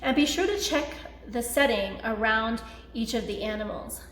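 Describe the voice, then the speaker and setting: A woman's voice: fairly high pitch, normal speed, fairly bright tone. A woman hosting a charity benefit, reading auction items in an upbeat, promotional way. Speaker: benefit host. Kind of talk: scripted auction announcements. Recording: echoey room.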